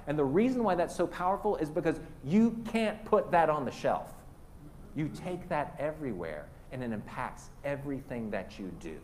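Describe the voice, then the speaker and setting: Man, pastor, sermon, earnest, slightly high voice, church. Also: expressive, moderate pace, darkish tone, a little hiss or hum. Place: church sanctuary.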